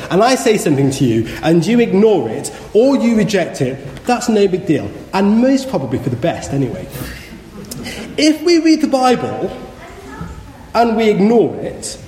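A man preaching a sermon in a church, earnest and measured, leaning hard on key words. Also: high-pitched, warm tone, slight background noise. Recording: echoey hall with long reverb.

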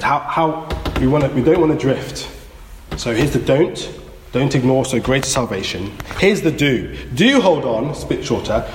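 Preacher, lively rising-and-falling sermon delivery, long church reverb, faint noise. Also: male voice, mid-range voice. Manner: earnest, exhorting, repeats key phrases.

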